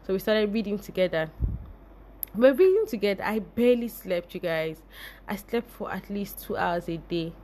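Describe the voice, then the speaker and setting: A young woman talks through a personal story on her podcast, animated and full of feeling, often breaking into laughter. Her voice sits in a middle pitch range. A faint noise floor runs underneath the recording. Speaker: podcast host.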